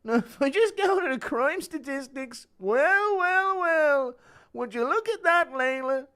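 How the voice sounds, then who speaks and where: A female-sounding synthetic voice reading chat messages as a meek, preachy, self-pitying young man in a flat, measured way. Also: high voice.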